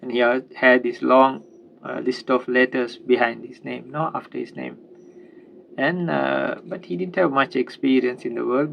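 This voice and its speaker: A man telling a spiritual teaching story in an unhurried way, with many fillers and tag questions. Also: medium pitch, vocal fry, highs cut off.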